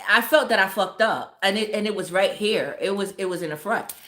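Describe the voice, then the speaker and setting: A woman's voice: medium pitch, a little fast, echoey room. A woman casually telling a story to her live viewers, swearing freely and laughing as she goes. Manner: profane, laughing, animated storytelling. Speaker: streamer.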